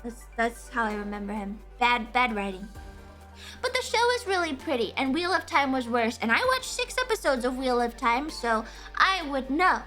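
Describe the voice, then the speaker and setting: Bright, lively woman streamer ranting. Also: a little high, moderate pace, soft background music. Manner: animated, profane ranting with frequent laughter. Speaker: livestream host. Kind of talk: casual live-stream chat.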